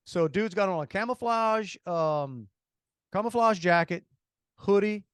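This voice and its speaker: A man with a Cajun accent tells a long story on a podcast in a fairly high voice. He talks in an animated, rambling way, full of restarts. The sound is close and dry. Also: unhurried, clean tone, dry recording. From Louisiana. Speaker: podcast co-host. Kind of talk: casual storytelling.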